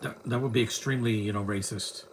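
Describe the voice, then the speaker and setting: A man's voice: lowish voice, steady tone, fast talker, slight background noise. A man giving casual live commentary on a movie, rambling and mocking what he sees on screen. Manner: rambling, chatty, mocking the film.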